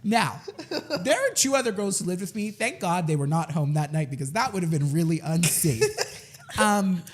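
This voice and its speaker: A man's voice: on the high side, animated, normal speed, slight background noise. A man in his twenties, a podcast co-host telling a story in casual chat, self-mocking and laughing as he goes.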